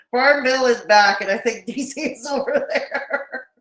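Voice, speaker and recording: A woman hosts a live reaction stream with a slightly high voice. She talks sarcastically, laughs often and answers viewers in chat. The room around her mic is noticeably echoey. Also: takes it slowly, fairly bright tone. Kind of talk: casual live-stream commentary.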